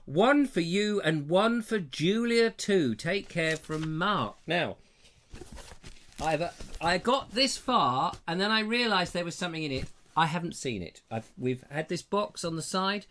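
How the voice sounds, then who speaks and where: A British man hosting a live stream in a casual, jokey way, reading out viewer comments and adding playful asides. His pitch is lively and swings widely. He sounds close and clear on a lapel mic. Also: unhurried, a little hiss or hum. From Britain. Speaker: host of a live online show.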